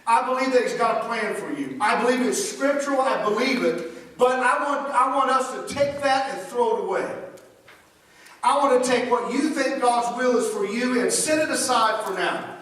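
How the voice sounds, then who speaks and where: A man's voice: extremely high pitch, normal speed, a bit bright. A man preaching a sermon as pastor, emphatic and repetitive in his phrasing. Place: church sanctuary. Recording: echoey hall from far off.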